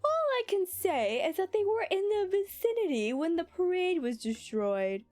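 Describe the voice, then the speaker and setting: A woman's voice: extremely high pitch, big pitch swings, moderate pace, darkish tone, faint music behind. A woman streaming a video game in casual chat, playful, swearing freely and reading game lines aloud.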